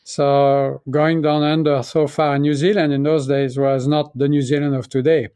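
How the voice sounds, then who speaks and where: A man in his sixties with a French accent tells his story in a reflective, halting way, stopping and restarting his sentences. His voice sits a little high for a man. The sound is close and dry, with no room around it. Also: little pitch movement, mellow, clean tone, no room sound. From France. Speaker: guest, pharmaceutical chief executive. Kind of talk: conversational interview.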